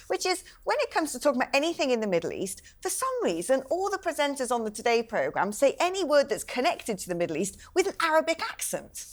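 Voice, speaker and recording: A woman on a talk panel, telling stories in an indignant, animated way. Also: on the high side. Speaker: panel guest. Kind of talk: panel show chat.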